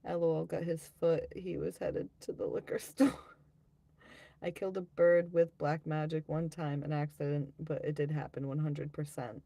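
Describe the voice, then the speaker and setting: A woman's voice: low voice, level tone, creaky, warm tone, no room sound. A woman hosting a live stream, reading viewer comments aloud and chatting in a rambling, offhand way. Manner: rambling, offhand, quick to laugh at herself. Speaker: livestream host.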